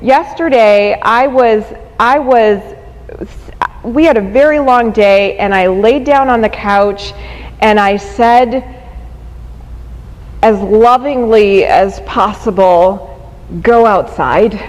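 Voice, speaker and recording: A woman giving a humorous talk to an audience with slow, dry comic delivery. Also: on the high side. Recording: echoey hall.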